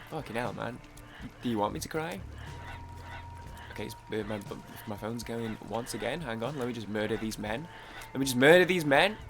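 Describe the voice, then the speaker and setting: A man's voice: mid-range voice, fairly bright tone. Rambling man gaming. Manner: rambling, self-interrupting, swears casually. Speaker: gaming YouTuber. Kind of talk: casual let's-play chat.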